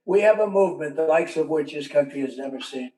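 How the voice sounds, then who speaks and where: Rally speaker, older man, highish voice, roomy far-off mic sound. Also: fast talker, a little mellow. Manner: rambling, repetitive, with conversational asides. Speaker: politician giving a speech. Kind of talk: rally speech. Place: large venue with a crowd.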